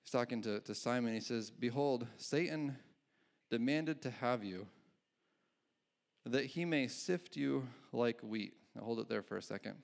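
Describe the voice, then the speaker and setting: Gravelly-voiced man preaching a sermon. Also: medium pitch, measured pace. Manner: conversational preaching with restarts and chuckles. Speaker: pastor.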